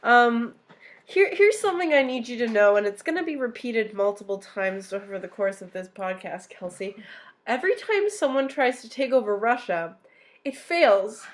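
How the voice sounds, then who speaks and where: A young woman co-hosting a podcast, telling history in a casual, animated way, swearing freely. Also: on the high side, moderate pace. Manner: animated storyteller who swears and acts out quotes. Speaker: podcast co-host.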